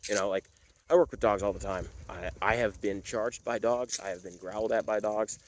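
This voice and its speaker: A man's voice: on the low side, steady tone, a little fast, low-quality recording. A man who works as a dog trainer, talking casually to camera with frequent fillers and tag questions. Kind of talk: casual talking-head explainer.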